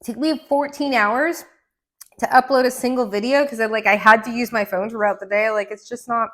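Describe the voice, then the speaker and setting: A woman giving a casual tarot card reading at home, rambling and excitable, with gasps and laughs between her thoughts. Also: on the high side, a little fast. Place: indoor room. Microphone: camera mic.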